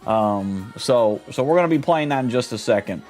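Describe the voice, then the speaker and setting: A man's voice: medium pitch, expressive, moderate pace, a little mellow, soft background music. A young man chatting casually on a stream, rambling and trying out silly voices.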